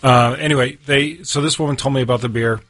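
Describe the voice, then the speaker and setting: A male brewery owner speaking as a guest, with a slightly husky, raspy tone. He explains things plainly and matter-of-factly, at a middling pitch. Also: fairly even intonation, fast, a bit bright. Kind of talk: casual chat.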